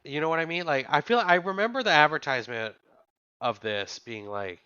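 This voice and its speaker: A young man co-hosting a podcast in casual chat, musing and reminiscing in a relaxed, hedging way. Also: medium pitch, brisk, clear, resonant tone, no echo, muffled recording. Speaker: podcast co-host.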